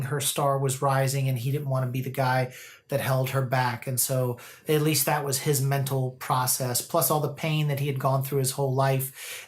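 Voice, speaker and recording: Rambling man reviewing a film. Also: medium pitch. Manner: rambling, many fillers and restarts; animated storytelling, quoting characters. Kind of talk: casual spoken movie review.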